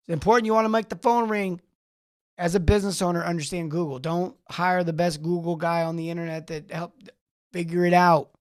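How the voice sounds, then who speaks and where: Animated man coaching plumbing business owners. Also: sits high, a little fast, smooth. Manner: animated, rambling, talks back to live chat. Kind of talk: live-streamed coaching talk.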